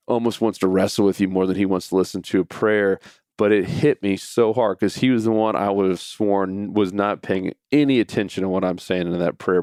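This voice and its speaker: Low gravelly-voiced man telling a story. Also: darkish tone, no room sound, clean studio sound. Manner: chatty, repeats words and restarts while telling a family story. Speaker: podcast host. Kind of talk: casual storytelling monologue.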